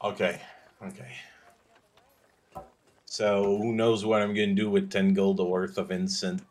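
A man's voice: lowish voice, level tone, a little slow, darkish tone. A man playing a tabletop game with friends, chatting casually and joking boastfully. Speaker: player.

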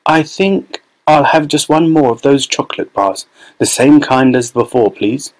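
A man voicing a shy, poor little boy who speaks quietly and politely in a storybook reading. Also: medium pitch, slow pace, natural voice.

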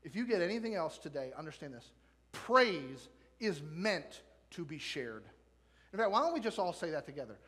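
A man with a high voice preaches a sermon in a church sanctuary, and the room gives his words a long reverb. He keeps the congregation involved with questions and light jokes. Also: sing-song, moderate pace, fairly bright tone. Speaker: pastor.

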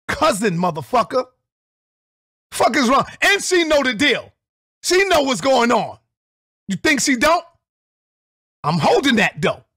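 A middle-aged man delivering an angry, profane call-out rant as a vlogger, confrontational and bursting into shouts. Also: very high-pitched, husky, no echo, clean studio sound.

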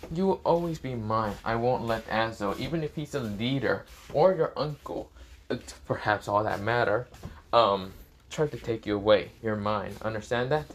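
A man's voice: lowish voice, normal speed, a little hiss or hum, close to an everyday voice. A man doing a cocky young hero. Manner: cocky, possessive. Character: cocky, possessive young demon-slayer hero.

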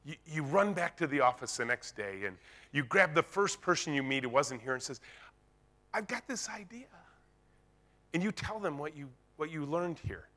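A man's voice: fairly high pitch, animated, fairly quick, bright, forceful tone. A man giving a conference keynote, telling a story and acting out the dialogue in it. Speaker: keynote speaker. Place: conference stage.

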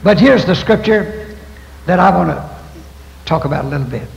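A man's voice: high voice, lively intonation, moderate pace, gravelly, slight background noise. An older man preaching a folksy, storytelling sermon as pastor. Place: church sanctuary. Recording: echoey church hall, dull lo-fi 1990s tape.

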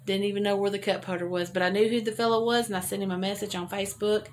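A woman's voice: mid-range voice, fairly even intonation, quick pace, a little hiss or hum. An older woman vlogger telling a rambling, chatty story to her viewers and laughing at her own jokes. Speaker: homesteading vlogger.

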